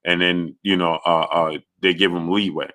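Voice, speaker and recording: A man's voice: sits low, steady tone, moderate pace, bright, forceful tone. A man hosting a boxing livestream, reading viewer comments and arguing back with indignation. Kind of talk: casual live-stream chat, reading super chats.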